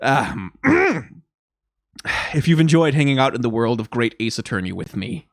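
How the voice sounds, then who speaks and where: A man hosting a gaming video talks casually to his viewers, rambling and self-deprecating. His voice is lively, with wide swings in pitch. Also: normal speed, long pauses, no echo. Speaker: let's play host. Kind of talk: casual commentary.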